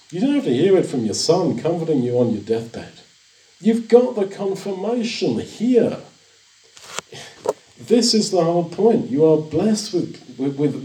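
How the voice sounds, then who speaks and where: A man's voice: mid-range voice, dark tone. An older man preaching a sermon in an earnest, reassuring way, often repeating his phrases. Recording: echoey room, distant mic.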